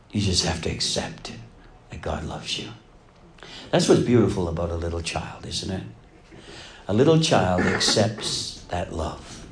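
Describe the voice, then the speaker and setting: A middle-aged pastor preaching a sermon, dropping to hushed lines and then swelling to loud, emphatic passages. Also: male voice, lowish voice, slight background noise.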